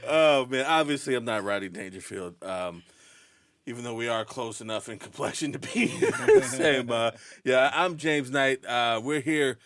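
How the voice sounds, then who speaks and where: A man's voice: medium pitch, very animated, moderate pace, a crowd in the background. A man hosting a comedy podcast in casual chat, who laughs often and jokes crudely. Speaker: podcast host.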